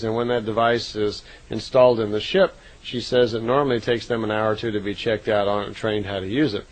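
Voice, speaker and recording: A man with a fairly low voice casually retells contact reports, unscripted and conversational, often using fillers and fixing his own words. The recording is low quality.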